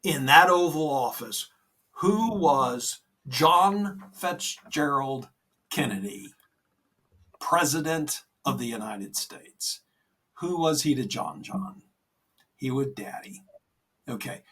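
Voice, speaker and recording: A man with a slightly raised pitch talks earnestly and reassuringly on a faith podcast. He takes his time, with a relaxed, unhurried delivery. His voice sounds a little distant from the microphone. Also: slightly rough. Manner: earnest, gentle, reassuring, with many "you know"s. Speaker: podcast co-host. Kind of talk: conversational faith talk.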